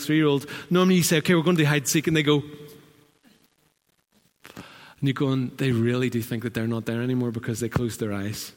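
A Northern Irish man preaching a sermon as pastor, in a conversational storytelling manner. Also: mid-range voice. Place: church hall. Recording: long hall reverb.

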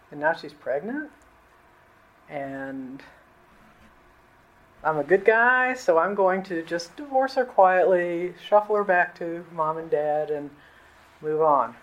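A woman preacher voicing a worried young man whose bride-to-be is pregnant. He talks haltingly and stammers as he works out what to do. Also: lowish voice, animated, dull audio. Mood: anxious, unsure. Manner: halting, stammering, plain-spoken.

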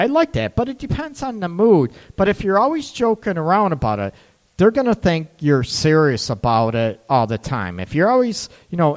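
Animated man coaching on relationships. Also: a little high, long reverb tail. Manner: candid, joking, laughs often. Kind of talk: live-streamed advice talk.

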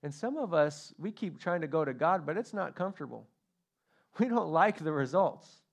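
A man preaching a sermon from the pulpit, his voice sitting a little higher than most men's. He tells his story with animated energy and acts out the quotes he gives. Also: moderate pace, creaky. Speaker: pastor.

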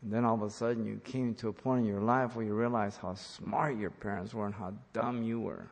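A man's voice: fairly low pitch, fairly even intonation, fairly quick, creaky, long reverb tail. A man preaching an earnest sermon, speaking as a pastor who repeats key points for emphasis.

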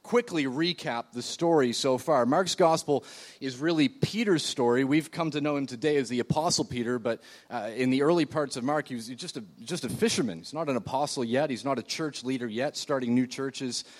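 A man's voice: mid-range voice, fairly quick. A man preaching a sermon in a church, talking in a loose, conversational way with frequent fillers and restarts while seated. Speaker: pastor.

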